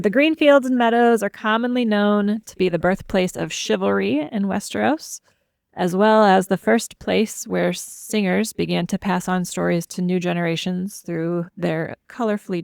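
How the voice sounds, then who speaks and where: A woman's voice: mid-range voice, normal speed, creaky, darkish tone, no room sound, clean studio sound. A woman co-hosting a podcast, presenting fantasy world lore in a playful, chatty way, running through facts with light humor. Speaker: podcast co-host.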